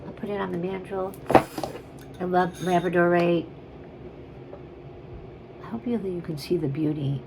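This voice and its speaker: A woman's voice: lowish voice, unhurried, creaky, pauses often, noisy background. A woman chatting casually on camera as she shows and sells vintage jewelry, rambling and gushing over each piece. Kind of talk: casual on-camera selling chat.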